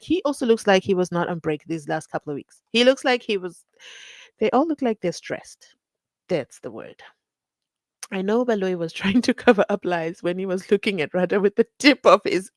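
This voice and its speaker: A woman's voice: on the low side, dry recording. A woman hosts a casual live stream, chatting and reading viewer comments aloud with frequent laughs.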